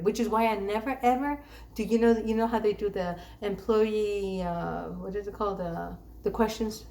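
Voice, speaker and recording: A woman telling an exasperated story about being passed between customer service agents, acting out the quoted lines. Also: medium pitch. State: sleep-deprived. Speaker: dissatisfied bank customer. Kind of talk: ranting vlog monologue.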